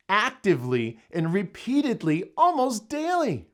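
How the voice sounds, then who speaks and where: A man's voice: high-pitched, very animated, unhurried, few pauses, a bit bright. A man giving an emphatic motivational self-help talk, repeating phrases for effect. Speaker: motivational speaker.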